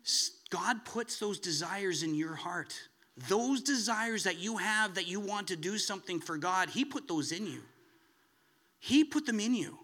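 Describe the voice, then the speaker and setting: A man preaching a sermon with a high, bright voice. He talks in an animated way and often climbs to excited, emphatic peaks. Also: moderate pace.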